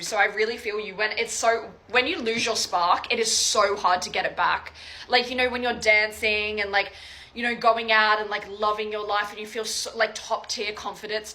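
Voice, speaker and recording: A woman's voice: medium pitch, sharp tone, rough recording. A young adult woman giving a casual, chatty psychic reading to viewers, swearing freely and checking in with "okay, guys?". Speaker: tarot reader.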